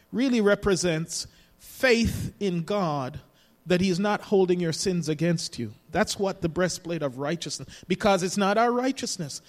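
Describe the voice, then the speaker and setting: Male pastor, high-pitched, preaching with rising emphasis in a church with long reverb. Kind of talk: sermon. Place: church sanctuary.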